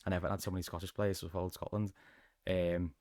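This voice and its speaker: A man's voice: low-pitched, little pitch movement, fast, darkish tone, no room sound, studio quality. A man with a Liverpool Scouse accent, a podcast guest telling stories in casual chat, sweary and chatty. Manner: sweary, chatty storytelling with laughs.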